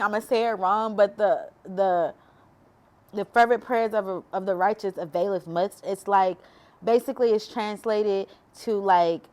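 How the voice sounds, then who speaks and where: A woman's voice: mid-range voice, darkish tone. Woman vlogger, heartfelt testimony, preaches as she talks. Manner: emotional, preachy, addresses viewers as y'all. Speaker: faith vlogger. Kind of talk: personal testimony talk.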